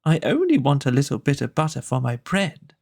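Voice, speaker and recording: A man's voice: mid-range voice, wildly swooping pitch, fairly quick, creaky, a little mellow, exaggerated voice. A man voicing a fussy, sulky storybook king who whimpers and frets. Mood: whimpering. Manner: whimpering, petulant.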